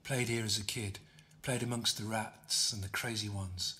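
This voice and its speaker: A man voicing Z, a curt, hushed young woman. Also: fairly low pitch, steady tone, moderate pace, a little hiss or hum. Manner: curt, hushed, often whispering. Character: young woman guide, tough, secretive and blunt.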